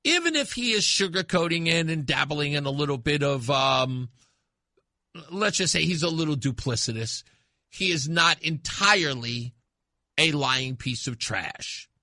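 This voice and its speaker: Animated, bright-voiced talk radio host. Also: male voice, on the high side, measured pace, dry recording, studio quality. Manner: emphatic and impassioned, swings from loud to hushed.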